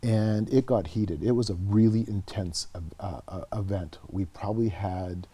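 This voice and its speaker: Earnest storytelling man, dark husky voice. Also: fairly low pitch, moderate pace. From Canada. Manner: earnest, animated storyteller who repeats words. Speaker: guest, researcher and author. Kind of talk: conversational interview storytelling.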